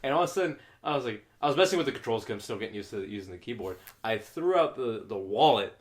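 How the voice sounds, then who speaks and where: A young man from California, co-hosting a podcast, telling excited gaming stories with lots of restarts. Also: medium pitch, quick pace. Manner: excited storyteller, swearing, many restarts. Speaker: podcast co-host. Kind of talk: casual chat.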